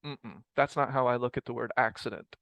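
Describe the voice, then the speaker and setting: A man's voice: mid-range voice, fairly quick, creaky, a bit bright, dry recording, low-quality recording. A man leading a group study session on a mindfulness practice, talking in a rambling, reflective way and often correcting himself. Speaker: mindfulness teacher. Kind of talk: casual group teaching talk.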